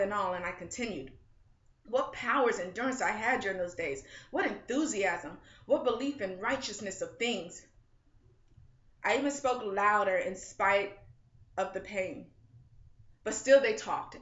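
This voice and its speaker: A young woman student earnestly reading a first-person story passage aloud in a measured way for a class assignment. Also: medium pitch, fairly bright tone. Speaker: student reader. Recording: dull, roomy recording.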